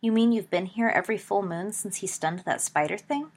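A woman voicing a stubborn, impulsive teenage schoolboy who speaks bluntly and tersely, with a husky voice. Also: medium pitch, a little fast, close to an everyday voice.

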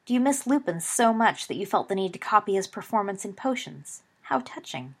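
A woman's voice: mid-range voice, big pitch swings, brisk, husky. A woman voicing a spiteful teenage schoolboy wizard who talks in a nasty, sneering way, read as part of an audiobook story.

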